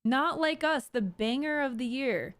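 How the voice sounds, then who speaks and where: A woman's voice: high-pitched, dry recording. A woman streamer in casual livestream commentary, reading tweets aloud and picking them apart while talking to her chat. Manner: talks to chat, quick and animated.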